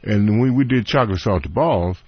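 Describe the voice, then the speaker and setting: A man guest on a talk radio show, telling stories in an animated way and acting out the voices of other people. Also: on the low side, a little fast, slightly rough, no echo. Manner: animated, acts out voices in anecdotes. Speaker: studio guest. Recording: dull radio broadcast sound.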